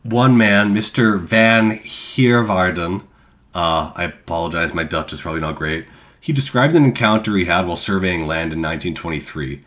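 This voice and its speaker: A man's voice: sits low, normal speed, a bit bright. A man co-hosting a podcast, reading researched notes in a casual way with self-deprecating asides. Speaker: podcast co-host presenting cryptids.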